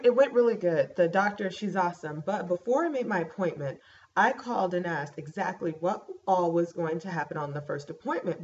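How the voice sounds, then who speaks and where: A young woman in a casual home vlog, chatting through a pregnancy update with plenty of fillers and lively storytelling. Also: medium pitch. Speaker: vlogger. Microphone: laptop webcam mic. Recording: dull laptop mic with faint hiss.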